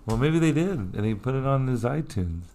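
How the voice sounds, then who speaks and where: A man's voice: medium pitch, animated, moderate pace, dark tone, slight background noise. A man co-hosting a comedy podcast, telling rambling stories and joking around in casual chat. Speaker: podcast co-host.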